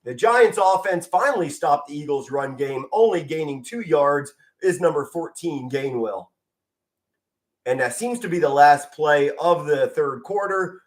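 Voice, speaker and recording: Middle-aged man, fan play-by-play streamer, standing, passionate and emotional, slightly high voice, occasional stutters. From Pennsylvania. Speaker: amateur play-by-play commentator. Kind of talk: live fan sports commentary stream. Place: home, standing in front of a flag.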